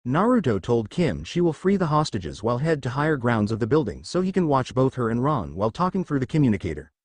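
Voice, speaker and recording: A man reading a fan fiction story aloud and voicing its characters in his own voice, with a halting delivery. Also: medium pitch, sing-song, a little mellow, dry recording. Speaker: narrator.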